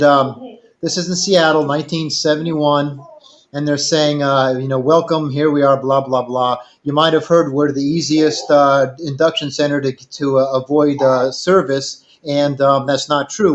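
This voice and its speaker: An older man spins a long personal story in a casual chat, drifting from point to point and voicing the people in it. His voice sits a little high. The sound is dull and lo-fi. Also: steady tone, normal speed. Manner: rambling anecdotal, quotes others in dialogue. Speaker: storyteller guest.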